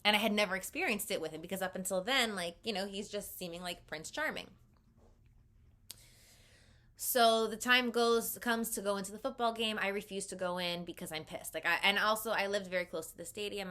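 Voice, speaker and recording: A woman's voice: mid-range voice, fast, few pauses, sharp tone. A young woman vlogger candidly telling a personal story in a conversational way, often saying "like".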